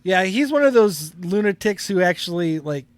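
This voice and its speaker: A man's voice: sits high, lively intonation, normal speed, no echo. A middle-aged man co-hosting a casual podcast, rambling and laughing often as he talks. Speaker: podcast co-host.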